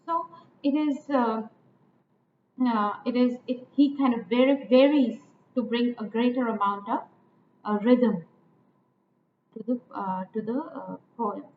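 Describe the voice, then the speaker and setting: A woman lecturing on poetic meter, slow and deliberate, repeating lines and stressing each syllable. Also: on the high side. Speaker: literature teacher. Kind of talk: poetry lecture. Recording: echoey, tinny phone-like audio with faint noise.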